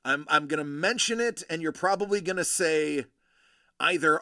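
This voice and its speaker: A man in his forties from Buffalo, New York, hosts a collectibles live show, chatting casually on a live stream. His slightly high, bright voice has a forceful tone at normal speed, and he tells rambling stories packed with fillers and restarts. The recording is dry and studio quality.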